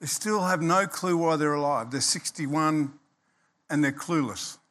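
High-voiced older man preaching conversationally. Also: a little slow, a bit bright. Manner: conversational preaching with humorous asides; checks in with the congregation. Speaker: pastor. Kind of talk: sermon.

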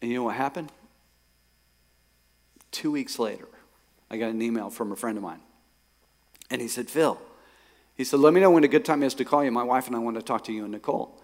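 A male pastor preaching a sermon. He tells a personal story and swings from quiet reflection to emphatic, rising bursts. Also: mid-range voice, a little fast, pauses often. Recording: long hall reverb.

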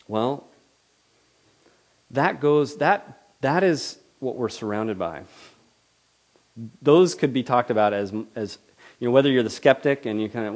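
A man's voice: mid-range voice, lively intonation, a little slow, pauses often, a little mellow. Conversational male preacher. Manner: conversational, questioning, acts out quoted voices. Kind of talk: sermon.

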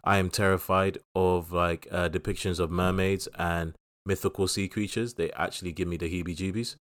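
A man's voice: deep voice, fairly even intonation, normal speed, a bit bright. A man co-hosting a casual podcast, chatting about films in a rambling, jokey way with many restarts. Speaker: podcast co-host. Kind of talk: casual podcast film chat.

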